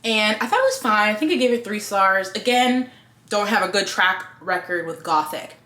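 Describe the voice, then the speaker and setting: A woman reviewing books in a casual, blunt, expressive way and swearing freely. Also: mid-range voice, normal speed, reverberant. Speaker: book reviewer.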